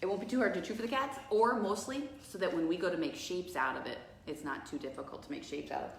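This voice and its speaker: A woman's voice: fairly low pitch, quick pace, creaky. A middle-aged woman casually demonstrating a recipe as host of a cat cafe live stream, chatty and playful. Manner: chatty, playful, laughs often. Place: cafe kitchen. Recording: echoey kitchen with faint noise.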